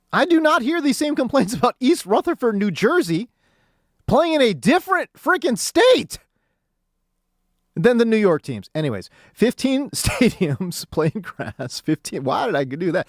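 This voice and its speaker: A man's voice: high voice, dry recording. A man hosting a sports talk radio show, ranting in a casual, slangy monologue from the studio.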